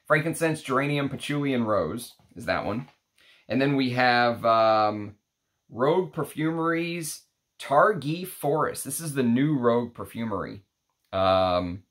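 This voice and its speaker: A fragrance reviewer with a medium-pitched, slightly bright voice chats casually while unpacking samples, rambling and thinking aloud.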